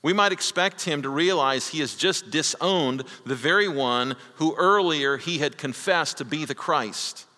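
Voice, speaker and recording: A man's voice: fairly high pitch, unhurried, few pauses, bright, forceful tone, big-room sound. A man preaching a sermon as a pastor, telling a story earnestly and acting out the quoted lines.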